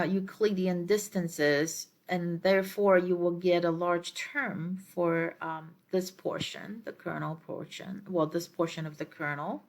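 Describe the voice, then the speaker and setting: Woman giving a recorded lecture, kinda low voice, lots of ums, walks thru each step slowly. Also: a bit bright. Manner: measured, explanatory, with frequent um and uh fillers. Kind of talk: recorded lecture explaining slides.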